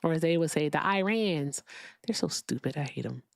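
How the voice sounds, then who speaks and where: A woman with a low, darkish voice and vocal fry talks fast in a studio-quality recording with no echo. She hosts a live political stream, ranting bluntly and profanely and reading viewers' super chats aloud.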